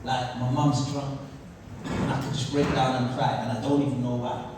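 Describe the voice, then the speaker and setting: A man telling a story live on stage, animated and acting out the voices of the people in it. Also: medium pitch, normal speed, noisy background. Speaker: speaker. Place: large hall at an event. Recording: echoey hall from far off.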